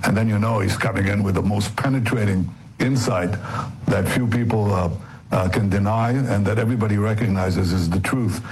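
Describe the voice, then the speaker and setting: A man giving an earnest, halting tribute as an interview guest, often repeating himself. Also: lowish voice, darkish tone, husky, low-quality recording.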